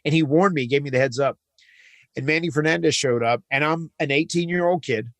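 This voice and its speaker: A middle-aged man from the Carolinas, a podcast guest telling an anecdote in a casual, animated way, often repeating words as he gets going. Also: on the high side, fairly quick, no room sound. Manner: animated storyteller, repeats words when excited.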